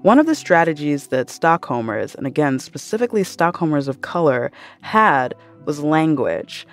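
A woman host giving scripted narration in a measured, explanatory way. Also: low voice, sing-song, soft background music. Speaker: podcast host.

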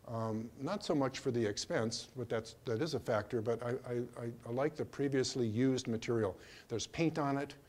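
An older man giving a slide lecture on his own work, speaking in a hesitant way with many pauses and restarts. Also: medium pitch, darkish tone. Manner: hesitant, full of ums and restarts. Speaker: artist giving a museum talk.

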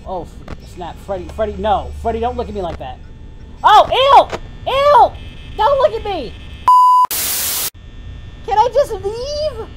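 A woman doing a jumpy, high-voiced Goku. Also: expressive, measured pace, pauses often, slight background noise, poor audio. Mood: flustered. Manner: jumpy, yelling and pleading at the game's animatronics. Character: Goku, cheerful naive male hero in abridged parody. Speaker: streamer playing a horror game in character. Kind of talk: in-character game commentary.

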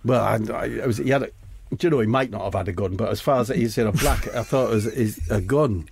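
A man hosting a comedy podcast, telling a rambling, boastful story in a deadpan way. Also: fairly low pitch, fast talker, vocal fry, a little hiss or hum.

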